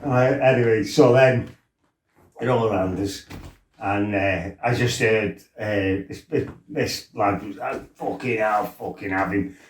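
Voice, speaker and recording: A man's voice: on the low side, measured pace, echoey room, a little hiss or hum. A middle-aged man tells his life story casually, laughing, swearing and acting out what people said. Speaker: former fighter telling his life story.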